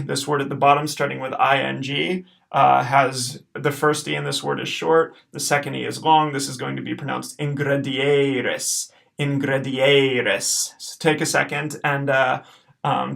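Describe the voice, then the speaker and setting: A man teaching a recorded language lesson, patiently explaining and slowly repeating each word. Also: mid-range voice, level tone, gravelly, fairly bright tone. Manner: patient, encouraging, slows to repeat words. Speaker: Latin teacher.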